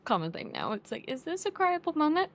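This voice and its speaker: A woman's voice: high voice, quick pace. A young woman co-hosting a podcast, chatting casually and acting out family quotes as she tells stories. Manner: lively storyteller, acts out quotes. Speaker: podcast co-host. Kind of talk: casual chat.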